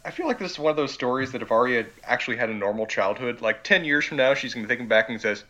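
Bright-voiced man, slightly lo-fi recording. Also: medium pitch, very fast. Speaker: podcast co-host. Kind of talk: casual recap chat.

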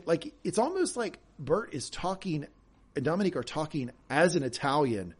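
A man's voice: a little high, brisk, husky. A man co-hosting a podcast, chatting casually through a TV episode recap and often repeating words as he starts a thought. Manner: animated, repeats words when starting sentences. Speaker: podcast co-host.

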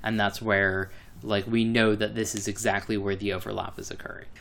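A man co-hosting a book podcast, talking casually and hesitantly, with many pauses while recapping. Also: lowish voice, little pitch movement, creaky, a bit bright. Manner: hesitant, many fillers and restarts. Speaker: podcast co-host.

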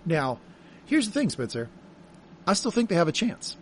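A man co-hosting a podcast, chatting casually about a TV episode in an animated way and acting out quotes. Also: high-pitched, moderate pace, slight background noise. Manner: animated, acts out quotes with a laugh. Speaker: podcast co-host. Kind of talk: casual chat recapping a TV episode.

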